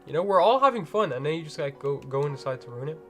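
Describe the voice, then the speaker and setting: Rambling man streamer, slightly high voice. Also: sing-song, fast talker, fairly bright tone, faint music behind. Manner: rambling, filler-heavy slang talk. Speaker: livestream host. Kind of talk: casual chat with viewers. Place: at home.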